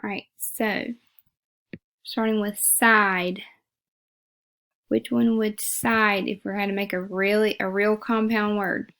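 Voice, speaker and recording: A woman's voice: medium pitch, little pitch movement, takes it slowly, pauses often, fairly bright tone. A woman teacher giving a phonics lesson, patiently repeating words and sounding them out syllable by syllable.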